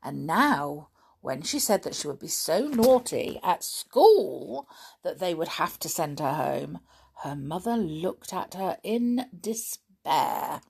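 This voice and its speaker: A woman reading a children's story aloud in an expressive, lively storybook manner. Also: deep voice, slow pace, creaky, husky.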